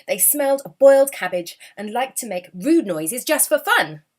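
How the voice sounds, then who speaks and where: A woman reading a children's storybook aloud with an expressive, animated delivery. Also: on the high side, normal speed.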